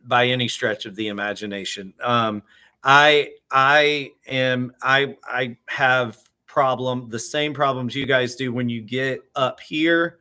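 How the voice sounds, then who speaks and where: A man explaining guitar strumming at an unhurried, deliberate pace, pausing and restarting his sentences as he thinks. His pitch sits in an ordinary middle range. He talks like a relaxed teacher answering questions, counting beats aloud now and then. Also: clean tone. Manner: halting, repeats words often while explaining. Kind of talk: casual guitar lesson.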